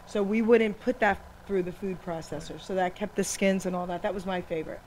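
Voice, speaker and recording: Woman radio host, teasing and animated, laughs a lot, live studio with faint background hiss. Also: medium pitch, brisk, poor audio. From Italian-American family. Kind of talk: casual chat.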